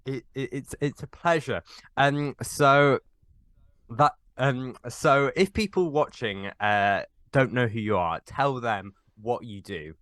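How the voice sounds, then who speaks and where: A young man hosting his own podcast with earnest, slightly halting questions. His voice is at a middle pitch and recorded dry and close. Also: a bit bright, smooth, no echo. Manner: earnest, halting, reads intro eagerly. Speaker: podcast host. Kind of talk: casual podcast interview.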